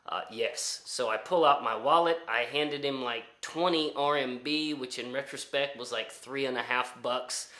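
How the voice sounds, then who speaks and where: A man's voice: medium pitch, normal speed, few pauses, sharp tone, reverberant. A man telling a story in a casual, rambling way, full of fillers and restarts. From United States. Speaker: storyteller vlogger.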